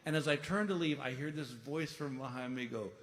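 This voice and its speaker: A man in his fifties doing stand-up storytelling, animated and exasperated as he acts out the people in his story. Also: medium pitch, brisk. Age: 50s. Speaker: stand-up comedian. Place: large comedy venue stage. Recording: live hall reverb with noise.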